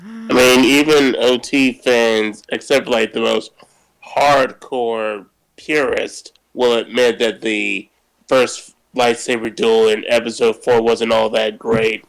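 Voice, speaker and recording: Flat, smooth-voiced man on a podcast. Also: medium pitch, slow, poor audio. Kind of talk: casual podcast discussion.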